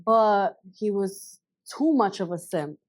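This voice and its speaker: A woman from Brooklyn, telling a story in a loud, animated, blunt way. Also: mid-range voice, takes it slowly. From Brooklyn, United States. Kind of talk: casual storytelling.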